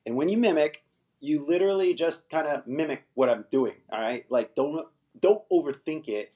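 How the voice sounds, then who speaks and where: A man's voice: a little high, lively intonation, moderate pace, warm tone. An American man hosting a casual live-stream English lesson, loose and chatty, full of fillers, with the odd swear word. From United States.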